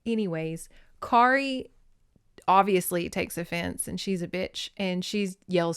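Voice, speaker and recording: A woman's voice: medium pitch, lively intonation, normal speed, clean tone, dry recording, studio quality. A woman hosting a casual book recap, chatting, swearing and laughing as she retells the story. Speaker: host reviewing books.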